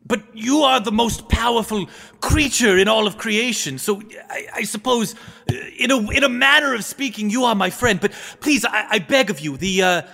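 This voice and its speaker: Man playing an old toady advisor: high, pleading, stammering, with a reverberant room. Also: moderate pace, vocal fry, bright, forceful tone, soft background music, exaggerated voice. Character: fawning old male royal advisor.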